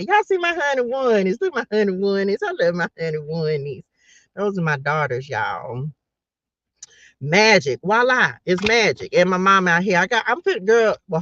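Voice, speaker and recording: Hosting a live tarot reading, a woman chats playfully with her viewers, addresses them directly, and laughs often. Her voice is mid-range, and the recording has no echo but the highs are cut off.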